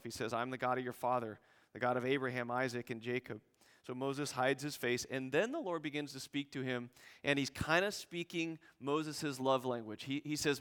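Bright-voiced male pastor preaching. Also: mid-range voice, clean tone, big-room sound. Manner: animated preaching, acts out biblical dialogue with rising intensity. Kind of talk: sermon.

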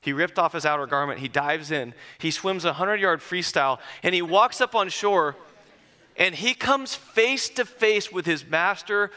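Bright-voiced man preaching a sermon. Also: fairly high pitch. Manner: storytelling with dramatic hushed drops and rising emphasis. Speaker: pastor. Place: church.

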